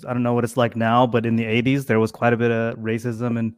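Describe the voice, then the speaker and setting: A man's voice: mid-range voice, completely flat delivery, fast talker, smooth, no echo, studio quality. A man in his forties from Tennessee, chatting on a podcast in a rambling, self-deprecating way full of fillers. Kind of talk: casual podcast chat.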